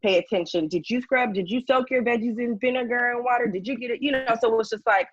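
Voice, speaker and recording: A woman's voice: fairly high pitch, quick pace, no room sound. Rambling woman on a dull, dry mic. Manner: rambling, heavy use of like and you know. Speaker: podcast guest. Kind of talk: casual podcast conversation.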